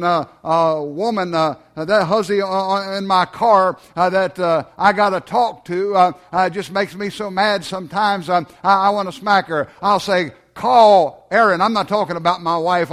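Hoarse preacher, high voice. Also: male voice, a bit bright. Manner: halting, many fillers and restarts, folksy humor. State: hoarse, low on voice. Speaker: pastor. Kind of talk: sermon.

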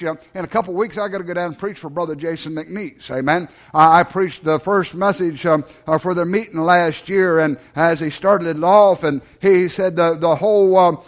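A man, preaching a sermon with a hoarse, strained voice, halting with many fillers and folksy asides. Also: sits high, fairly bright tone. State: hoarse, low on voice. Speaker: pastor.

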